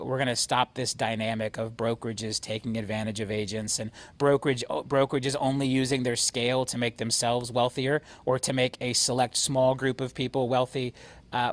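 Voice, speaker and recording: A man leading a company, giving an energetic, emphatic motivational talk to his agents. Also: medium pitch, fairly quick. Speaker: real estate brokerage CEO.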